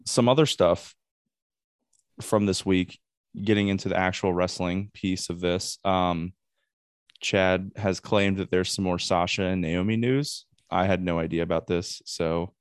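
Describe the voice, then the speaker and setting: Male podcast host, deep and dry, casual and rambling, trips over his own questions. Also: fairly even intonation, clear, resonant tone, no echo. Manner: rambling, halting, restarts questions. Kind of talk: casual chat.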